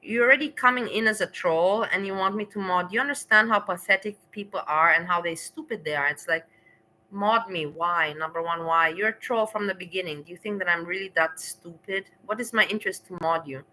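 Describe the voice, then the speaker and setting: Chatty livestreaming woman, bright voice. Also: lowish voice, brisk, a little hiss or hum, poor audio. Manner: rambling, laughs often, talks back to chat. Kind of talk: casual livestream chat to viewers.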